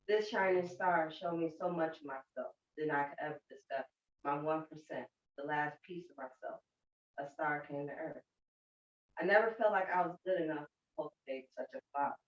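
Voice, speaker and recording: A woman, a mother, reading a heartfelt poem aloud. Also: low voice. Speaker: guest, mother. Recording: echoey room, far from the mic, dull sound.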